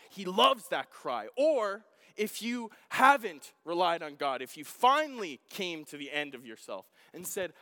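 Animated pastor in a reverberant hall. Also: male voice, high voice, moderate pace. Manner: animated storytelling, acting out his own shouts. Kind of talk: sermon.

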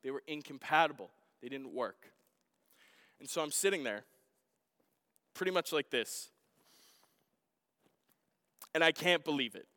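A man preaching a sermon as a story, animated and self-deprecating, swinging from quiet asides to loud outbursts. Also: a little high, unhurried, long pauses. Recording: long hall reverb.

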